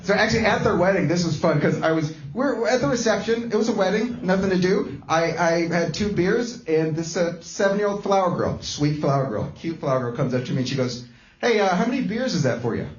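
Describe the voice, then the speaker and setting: A man's voice: high-pitched, expressive, fairly quick, hardly any pauses, reverberant, highs cut off. A man doing live stand-up comedy with a guitar, telling a story in rambling bursts full of restarts. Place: small comedy club.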